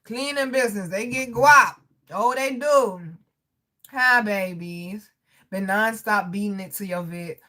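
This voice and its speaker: A woman hosting a casual livestream, talking straight to her viewers in a loud, profane, animated way with frequent laughter. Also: mid-range voice, a little slow. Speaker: livestream host reading chat.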